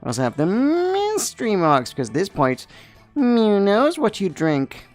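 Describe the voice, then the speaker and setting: A woman's voice: mid-range voice, huge pitch swings, moderate pace, a little mellow, soft background music. A woman voicing a male magical cat, a mysterious wizard bartender who talks in a teasing, theatrical way.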